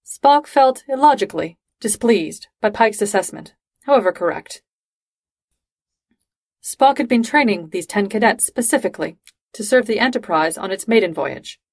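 A woman reads fan fiction aloud in a steady, even voice. Her pitch sits comfortably in the middle. The recording is dry and close, with no room sound. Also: moderate pace, dry recording. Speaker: reader.

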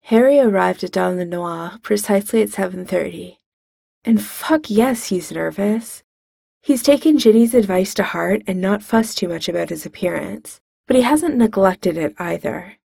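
Fiction reader: woman, wry and casual, raspy with vocal fry, dry. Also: medium pitch, moderate pace, warm tone, dry recording. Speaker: narrator. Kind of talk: fan fiction audiobook reading.

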